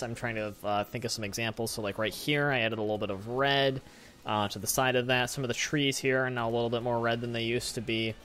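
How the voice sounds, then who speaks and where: A man's voice: mid-range voice, a bit bright. Rambling man commenting on a game. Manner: rambling, filler-heavy, self-correcting. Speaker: let's play host.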